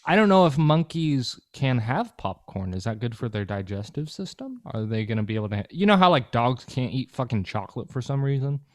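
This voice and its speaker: A man's voice: mid-range voice, very animated, brisk, few pauses, no echo. Rambling, profane podcast co-host man. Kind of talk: casual podcast chat.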